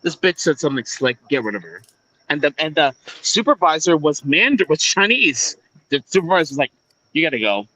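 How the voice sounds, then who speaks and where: A man chatting casually on a live stream, telling a profane story with animated energy. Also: fairly high pitch, fairly quick, poor audio. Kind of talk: casual chat.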